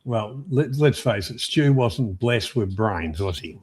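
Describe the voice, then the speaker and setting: A man's voice: on the low side, lively intonation, slow. Hesitant English man hosting a stream. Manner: hesitant, stammering restarts, greets chat. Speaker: stream host. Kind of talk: casual live-stream chat.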